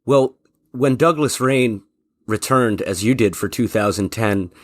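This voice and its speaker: A podcast host interviewing a guest, asking long, thoughtful questions. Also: male voice, on the low side, unhurried, no room sound, clean studio sound.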